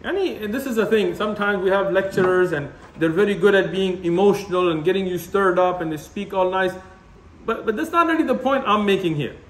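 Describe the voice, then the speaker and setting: A man with a very high, lively voice delivers an impassioned religious lecture. He is blunt and animated, laughing through his rants and scattering Arabic terms through his English. The room around him rings with echo. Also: fairly quick. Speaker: Islamic lecturer. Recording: echoey room.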